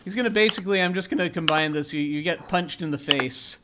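A man's voice: fairly high pitch, background noise. A man running a tabletop role-playing game, talking casually with many fillers and restarts. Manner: halting, many fillers and restarts, laughs often. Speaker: game master.

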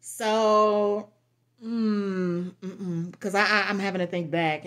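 A woman's voice: mid-range voice, slow pace. A woman vlogger chatting casually through product reviews, blunt and frank, cussing freely and laughing often. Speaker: beauty and lifestyle vlogger.

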